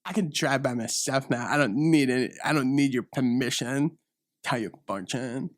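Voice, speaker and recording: A man's voice: mid-range voice, steady tone, moderate pace, no echo, studio quality. A young man hosting a comedy show, rambling through an improvised bit, acting out characters and laughing at his own jokes. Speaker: comedy podcast host.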